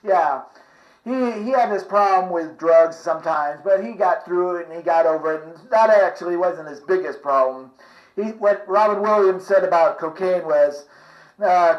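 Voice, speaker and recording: A man's voice: high-pitched, moderate pace. A male host who rambles casually and chuckles at his own stories, on an echoey lo-fi recording. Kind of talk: casual show talk with impressions.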